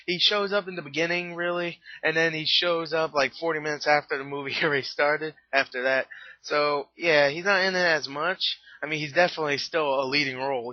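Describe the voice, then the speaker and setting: A man's voice: on the high side, no room sound. A tired, slightly out-of-breath man rambles through a casual movie review, laughing and restarting his sentences. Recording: dull lo-fi webcam audio.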